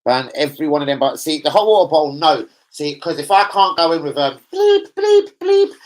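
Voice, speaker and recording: A man's voice: on the high side, low-quality recording. A young man hosting a football fan stream, chatting casually, rambling and swearing with plenty of slang. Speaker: football fan channel host. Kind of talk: casual live-stream reaction chat.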